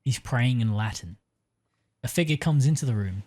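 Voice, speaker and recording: A man co-hosting a casual podcast, pitching a story with many hesitant fillers and easy laughs. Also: lively intonation, normal speed, a little mellow.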